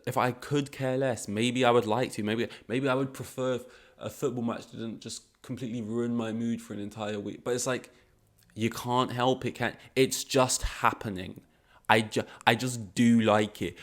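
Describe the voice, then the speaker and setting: A man's voice: lowish voice, fairly even intonation, normal speed. A young man hosting a solo podcast in a rambling, casual way, often correcting himself. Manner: rambling, self-correcting, frustrated asides. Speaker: podcast host.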